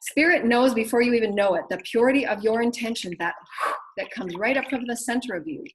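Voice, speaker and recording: A woman's voice: on the high side, brisk, background noise. Earnest woman giving spiritual guidance. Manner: earnest and urging, with repeated phrases and soft laughs. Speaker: spiritual teacher and show host.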